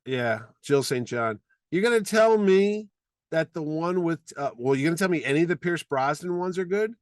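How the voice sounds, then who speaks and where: A man's voice: a little high, animated, moderate pace, dry recording. A man co-hosting a podcast, chatting casually and ranting with strong opinions. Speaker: podcast co-host. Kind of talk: casual chat.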